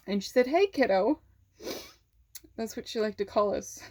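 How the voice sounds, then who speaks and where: A woman's voice: mid-range voice, steady tone, darkish tone. Woman telling a raw personal story. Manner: candid, halting, swears freely. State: emotional, holding back tears. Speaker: vlogger.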